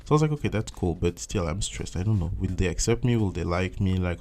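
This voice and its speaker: A young man from France, French accent, recounting his volunteering days in a relaxed interview. His voice sits a little low, and he acts out his old thoughts with big jumps in pitch and exclamations. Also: brisk, hardly any pauses, slight background noise. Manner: animated, acts out his own past thoughts in swooping voices. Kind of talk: casual interview storytelling.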